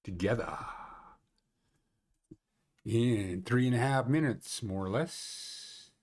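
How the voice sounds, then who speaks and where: Man hosting a casual ski livestream; rambles, cracks jokes, ordinary mid-pitched voice. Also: slow pace, a little mellow. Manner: rambling, joking, thinks aloud. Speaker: host of a backcountry ski conditions livestream.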